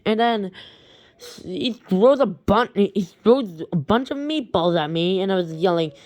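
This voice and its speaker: Slow, halting woman telling a story. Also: mid-range voice, animated, a little mellow, no echo. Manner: halting, with many restarts and repeated words. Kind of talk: casual rambling story retelling.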